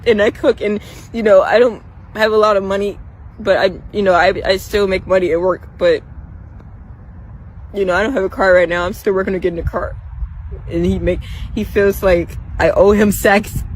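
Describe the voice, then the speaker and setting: A woman rambling in a personal vlog outdoors in a park, soft-spoken and halting, repeating her words. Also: mid-range voice, fairly even intonation, rough recording.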